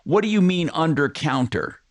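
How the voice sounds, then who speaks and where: A man hosting a call-in radio show in a brisk, folksy way, talking into a studio microphone. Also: on the high side, lively intonation, no echo. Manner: brisk, folksy, reads ad copy. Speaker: radio host.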